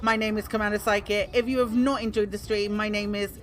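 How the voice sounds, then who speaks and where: A woman's voice: mid-range voice, little pitch movement, fairly quick, soft background music. A woman game streamer chatting casually and playfully while she plays, often breaking into giggles. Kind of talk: casual live-stream chat.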